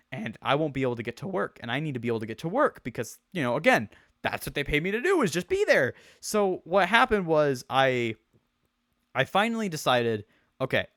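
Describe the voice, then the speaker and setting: A man's voice: medium pitch, fairly bright tone, no room sound. Young male streamer, mid voice, rambling slangy storyteller, dry close-mic sound. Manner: rambling, restarts, slangy, swears. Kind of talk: casual storytelling rant.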